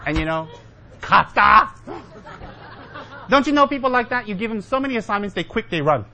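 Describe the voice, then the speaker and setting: A man's voice: high voice, expressive, normal speed, sharp tone, slight background noise. A man giving a humorous Dharma talk as a Buddhist teacher, joking with and teasing his listeners and mimicking his students.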